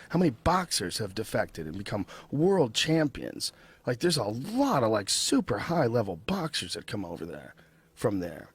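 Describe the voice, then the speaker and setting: Male podcast host, mid-pitched, lively intonation, slightly husky, curious and expressive. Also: dry recording. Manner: curious and expressive, asking follow-up questions. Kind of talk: casual chat.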